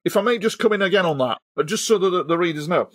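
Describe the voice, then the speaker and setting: Male host, courteous and hesitant, a bit high-voiced, asks long winding questions. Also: animated, quick pace, no echo, studio quality. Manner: polite, hesitant, apologetic interruptions. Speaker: podcast host. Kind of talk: interview questions.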